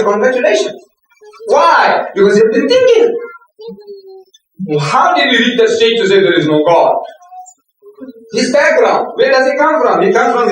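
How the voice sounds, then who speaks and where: An older man gives an animated lecture, his voice sitting high for a man. He is heard from a distance in a very echoey hall, shifting into put-on voices as he tells his stories. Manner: animated storytelling with laughter and put-on quotes. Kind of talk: religious lecture to students.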